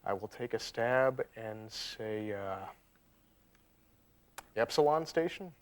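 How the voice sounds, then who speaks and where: A man's voice: lowish voice, expressive, slow pace. A man on a game show panel, hesitantly thinking aloud as he works out an answer. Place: TV studio.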